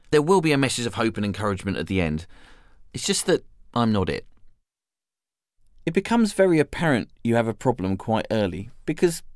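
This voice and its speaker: A man giving a scripted monologue in a wry, deadpan, self-deprecating way. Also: fairly low pitch, no echo, studio quality.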